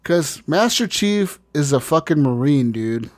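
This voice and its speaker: A man co-hosting a gaming podcast, talking casually in a slightly high voice. He swears freely and slides into joking rants. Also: animated, unhurried. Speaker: podcast co-host.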